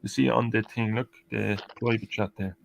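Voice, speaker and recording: A man in casual chat with friends, speaking in a low-key, mumbly way that trails off. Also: fairly even intonation, fairly quick, creaky, slight background noise.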